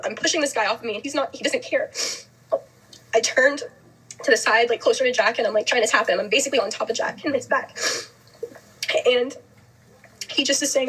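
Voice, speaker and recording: Young woman, interview guest, husky and quick, halting delivery full of fillers. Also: a little high, steady tone, a bit bright, rough recording. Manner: fast, halting, heavy with "like" fillers. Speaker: podcast guest. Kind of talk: interview, telling a personal story.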